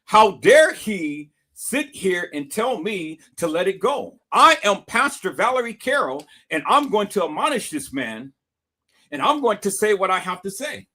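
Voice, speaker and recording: A man's voice: high-pitched, very animated, unhurried, sharp tone, full character voice. A man doing a mocking impression of a self-important woman pastor, speaking pompously. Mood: indignant.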